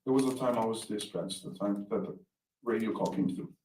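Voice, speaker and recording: A man's voice: fairly low pitch, a little fast, mellow, slight background noise. A male law enforcement officer testifying on the witness stand, giving short, terse answers. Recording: echoey courtroom audio from far mic.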